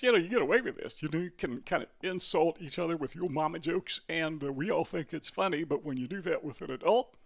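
A man's voice: fairly high pitch, vocal fry. An older man with a Midwestern accent, talking in a rambling, conversational way, full of fillers and self-corrections. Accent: Midwestern American. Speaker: vlogger. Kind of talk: casual talking-head monologue.

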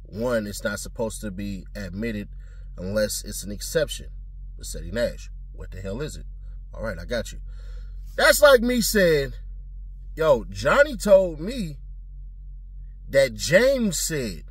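A man's voice: on the low side, big pitch swings, normal speed, breathy edge, no room sound. A man giving blunt, slangy, profane commentary in a casual talking style.

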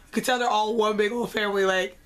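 A young woman vlogger giving an excitable, chatty concert review, full of "like". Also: mid-range voice, quick pace. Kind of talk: casual concert review vlog.

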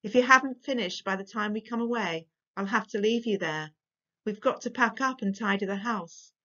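A woman's voice: mid-range voice, moderate pace, fairly bright tone, lightly acted. A woman voicing a weary mother in a storybook reading, coaxing and pleading with a hint of exasperation. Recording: dull lo-fi recording.

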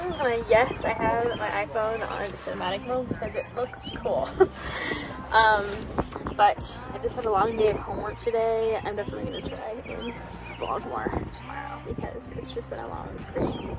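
A twenty-year-old woman from southeastern Michigan talking casually to camera in a vlog, chatty and rambling with lots of "like" and "um". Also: on the high side. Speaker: vlogger.

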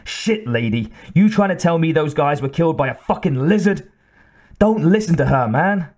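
A man voicing an angry male soldier who rants and shouts in outrage, pushed well up into a higher register. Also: expressive, normal speed. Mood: outraged.

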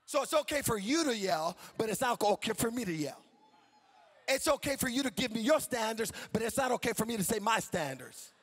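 A man preaching a fiery sermon in a very high, bright voice with a husky edge. He shouts and chants his lines in a sing-song preaching rhythm and hammers the same phrases again and again. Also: lively intonation, brisk. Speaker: pastor. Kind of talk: impassioned sermon.

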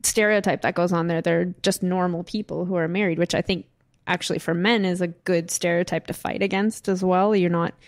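Animated woman acting out quotes. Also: fairly low pitch, brisk. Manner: animated, acting out quoted remarks, laughing asides. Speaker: podcast panel guest. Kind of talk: casual panel chat.

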